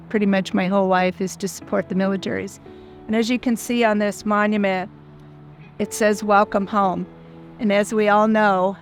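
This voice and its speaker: A woman in her sixties telling a personal story as a foundation founder, in an earnest, heartfelt, plain-spoken way. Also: medium pitch. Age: 60s.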